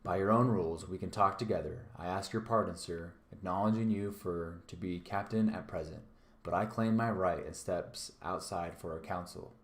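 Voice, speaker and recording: A man's voice: low voice, moderate pace, close to an everyday voice. A man doing a mock-polite pirate crewman. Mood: insistent. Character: rebellious pirate crewman, respectful but insistent. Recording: echoey room.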